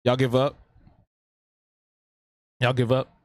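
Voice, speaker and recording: A man's voice: mid-range voice, monotone, slow pace, darkish tone, dry recording, studio quality. A man hosting a live drawing stream, chatting playfully and answering viewers. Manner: playful, talks back to the chat, repeats himself. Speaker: streamer and artist. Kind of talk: casual live-stream chat.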